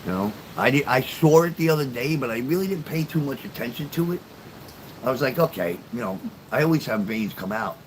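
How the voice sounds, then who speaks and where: A man's voice: medium pitch, animated, fairly quick, a little hiss or hum, low-quality recording. An older man telling stories and chatting casually with viewers on a livestream, blunt and profane. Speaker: livestream host.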